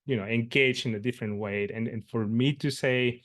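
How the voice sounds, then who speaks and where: A man presenting at a workshop, an interpreter who tells a work story in an earnest, meandering way, pausing to find his words. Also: medium pitch, fairly even intonation, fairly bright tone, no echo. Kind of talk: conversational workshop talk, telling a work story.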